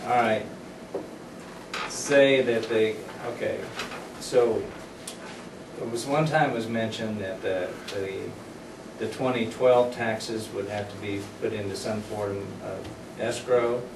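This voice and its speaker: A man's voice: fairly low pitch, fairly even intonation, slow, gravelly, pauses often. Man questioning at a board meeting. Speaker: board member. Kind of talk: public meeting discussion. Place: meeting room. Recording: echoey room, distant mic, background noise.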